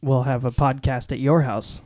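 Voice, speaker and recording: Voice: medium pitch, fairly even intonation, normal speed, crowd noise. Chill podcast host, teasing, keeps asking stuff, mid voice. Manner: teasing, asks lots of questions. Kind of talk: casual chat.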